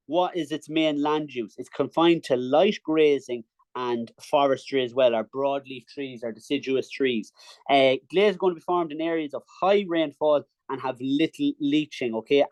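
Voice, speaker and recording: A young Irish man teaching an exam revision class in agricultural science, brisk and encouraging, checking in with the class often. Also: fairly high pitch.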